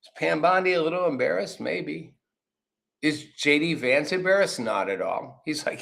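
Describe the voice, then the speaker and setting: A man's voice: fairly high pitch, animated, normal speed, creaky, a bit bright. A man hosting a political commentary show, talking casually and rambling, swearing freely and acting out quotes. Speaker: show host.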